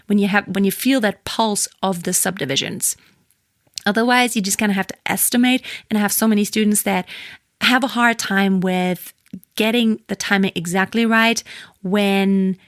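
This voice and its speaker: A woman's voice: medium pitch, a bit bright, no room sound, clean studio sound. A woman giving a singing lesson, explaining rhythm and demonstrating with sung syllables and counted beats. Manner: counts and sings syllables to a metronome between explanations. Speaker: singing teacher. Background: metronome clicks.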